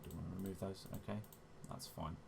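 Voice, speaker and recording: A man with a low-pitched voice talks through his gameplay in a chatty, relaxed way, explaining each step. He often corrects himself mid-sentence and keeps up an easygoing commentary. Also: fast, vocal fry, background noise. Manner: chatty, self-correcting, often says "wonderful". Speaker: gaming channel host.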